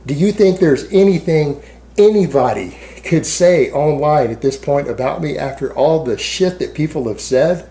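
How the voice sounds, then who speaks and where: A man's voice: on the high side, expressive, moderate pace, warm tone. A man speaking to camera in a rambling, defensive monologue, sarcastic and full of fillers. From Texas. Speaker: fitness YouTuber.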